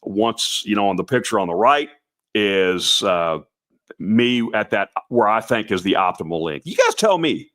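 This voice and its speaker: An older man with a raspy voice, talking casually as a Santa performer hosting a livestream, rambling with many restarts and asides to viewers. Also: fairly low pitch, big pitch swings, measured pace, a bit bright.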